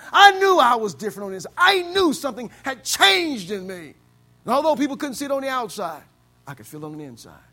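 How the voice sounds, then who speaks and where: A man from the States preaching a sermon as pastor, swinging between loud exclamations and low, quiet stretches. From United States.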